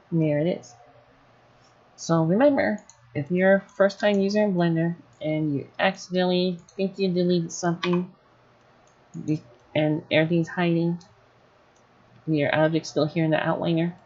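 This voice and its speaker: A woman running a casual live software tutorial, thinking aloud as she works. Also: low-pitched, muffled recording. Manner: thinking aloud while working, casual and chatty. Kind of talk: live screen-recorded tutorial.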